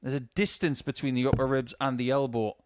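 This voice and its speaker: A man's voice: medium pitch, little pitch movement, a little fast, no room sound. A man commentating on a darts match, breaking down the players' throwing technique in detail. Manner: analytical, explains throwing technique at length. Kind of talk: live sports commentary.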